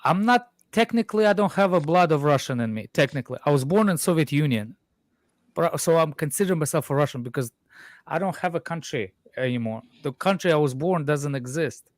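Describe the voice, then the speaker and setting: A man's voice: fairly high pitch, a little fast, dry recording. A man who grew up in Moldova, chatting casually on a stream and telling stories with some stumbles. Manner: animated storytelling, some stumbles. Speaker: stream panelist. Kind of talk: casual chat.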